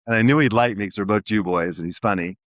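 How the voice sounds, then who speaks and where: Man, middle-aged, rapid rambling delivery, lower voice, dry muffled recording. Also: dry recording. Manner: rambling, energetic, full of restarts. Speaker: guest entrepreneur. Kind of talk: casual storytelling interview. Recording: dry, slightly dull sound.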